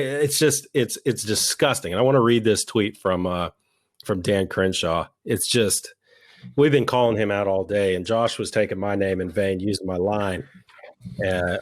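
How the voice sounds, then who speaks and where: A man co-hosting a podcast, talking politics in a heated, profane, mocking way, his voice jumping into high-pitched outbursts. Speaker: podcast co-host.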